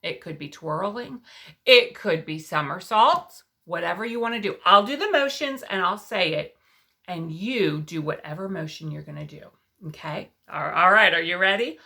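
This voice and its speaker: A woman teaching preschoolers a Bible story and verse, speaking directly to the children in a sing-song, coaxing way and often dropping to a soft hush. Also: fairly low pitch, animated, moderate pace. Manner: drops to a soft hush for emphasis.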